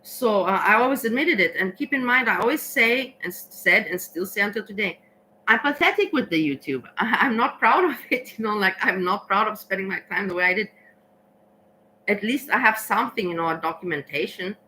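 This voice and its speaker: A tired woman talks casually to her viewers, rambling in halting sentences with lots of restarts. Her voice is bright and forceful at a middling pitch, with a faint ambient hum behind her. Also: expressive, low-quality recording. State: tired, slow thinking. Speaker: vlogger. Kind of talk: casual rambling vlog chat.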